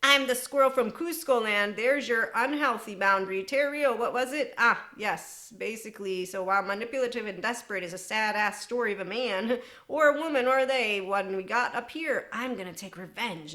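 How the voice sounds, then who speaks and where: A middle-aged woman hosting a podcast, talking in an animated, unscripted monologue, laughing often and slipping into quoted voices. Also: medium pitch, normal speed. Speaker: podcast host.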